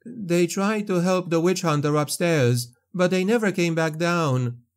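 A man voicing a grieving young woman, an innkeeper's daughter, in a raised, trembling voice. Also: measured pace. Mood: distraught. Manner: higher, trembling, distraught.

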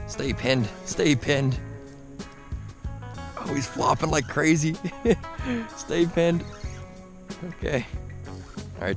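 A young man filming himself as he fishes from a boat on a lake, talking through each catch and chatting to his dog. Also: medium pitch. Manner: talks to his dog while fighting fish. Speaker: fishing vlogger. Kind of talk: excited outdoor fishing commentary. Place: fishing boat on a lake, outdoors.

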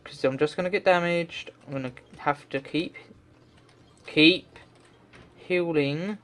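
Slow-talking man ranting at a game. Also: a little high, a bit bright. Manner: frustrated, swearing rant to himself. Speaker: let's play gamer. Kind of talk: game commentary.

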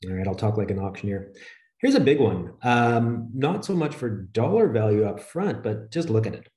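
A man presenting a webinar, walking through slides in a steady, conversational, explanatory way. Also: fairly low pitch, normal speed, echoey room.

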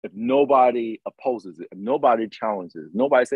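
Husky, emphatic middle-aged man. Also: mid-range voice, a little fast, no echo, muffled recording. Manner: emphatic, motivational, repeats phrases. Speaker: podcast host, retired Green Beret. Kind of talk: casual conversation.

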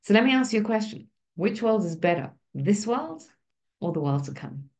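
A woman's voice: medium pitch, big pitch swings, normal speed, darkish tone. Woman teaching, chatty with many "right?"s. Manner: conversational, keeps asking "right?". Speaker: Torah teacher. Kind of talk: informal class talk.

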